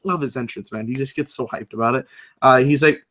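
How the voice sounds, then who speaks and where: A man's voice: medium pitch, brisk, a bit bright. A young man casually recapping a wrestling show, rambling with lots of fillers and side remarks. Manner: loose, rambling, many fillers, reads live chat aloud.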